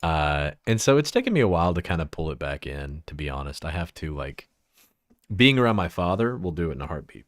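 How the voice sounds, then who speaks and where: A man's voice: rumbling low, sing-song, a little fast, no echo, studio quality. A man from Texas with a Texan accent, chatting casually on a livestream, rambling, giggling and trailing off into asides.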